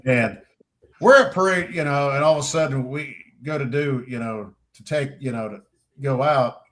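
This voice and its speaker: Animated, profane middle-aged man telling stories. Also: medium pitch, moderate pace. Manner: animated storyteller who swears freely and acts out what people said; rambling, with frequent restarts and "you know". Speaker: podcast crew member. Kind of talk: casual storytelling chat.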